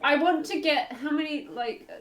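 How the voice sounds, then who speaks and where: A woman's voice: sits high, normal speed, crowd noise. A woman as a player in an online tabletop game, giggly and caring. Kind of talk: casual tabletop play.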